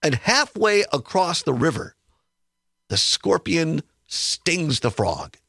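Chatty, sarcastic radio talk host. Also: male voice, fairly high pitch, sing-song, takes it slowly, vocal fry, sharp tone, husky, no room sound, studio quality. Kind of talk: political talk radio monologue. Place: radio studio. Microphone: studio microphone.

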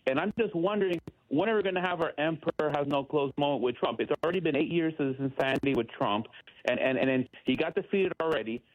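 A man's voice: fairly high pitch, animated, fast talker, no room sound. A man calling in to a talk radio show, rambling and repeating words as he speaks. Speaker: caller. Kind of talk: phone-in talk. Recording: dull, dry phone-in line.

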